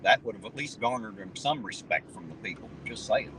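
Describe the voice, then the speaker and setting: A man's voice: on the low side, fairly quick, bright, forceful tone, a little hiss or hum, poor audio. Blunt, folksy man. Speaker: livestream host. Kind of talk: casual chat on a live stream. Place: inside a car.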